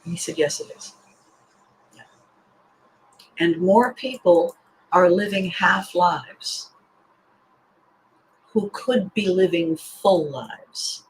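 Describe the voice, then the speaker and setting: A woman's voice: on the low side, rough recording. A woman hosting her own show, giving a motivational monologue and acting out the voices of people she quotes, with a chuckle here and there. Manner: animated storyteller who acts out quoted voices. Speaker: podcast host and life coach.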